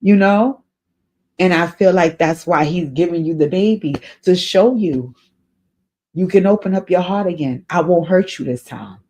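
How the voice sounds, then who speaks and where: A woman's voice: on the low side, moderate pace, mellow. An earnest woman hosts an advice show, answering a viewer's letter in casual spoken counsel. She talks in an encouraging, faith-minded way and repeats her key points for emphasis. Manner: spiritual advice. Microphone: off camera, voice only.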